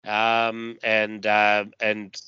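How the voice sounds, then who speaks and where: A man's voice: on the low side, completely flat delivery, drawn-out words, bright, forceful tone, clean tone, no echo, dull audio. A man casually recapping a comic book story, with many fillers and acted lines. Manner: reads dialogue in voices, many fillers. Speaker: podcast host reading a comic aloud.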